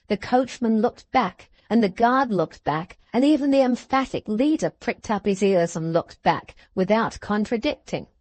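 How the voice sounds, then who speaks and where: A woman's voice: a little high, dark tone, no room sound. Woman narrating an audiobook, dry close sound. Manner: measured storytelling, voicing the characters. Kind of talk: scripted narration of a classic novel.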